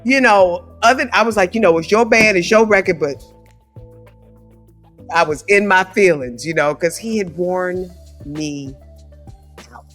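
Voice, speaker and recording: A woman's voice: fairly low pitch, a little slow, long pauses, soft background music. A woman with a big, scratchy voice, talking animatedly as a guest in a casual interview. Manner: animated, conversational, frequent "right?" asides. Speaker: guest singer. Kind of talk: casual storytelling chat.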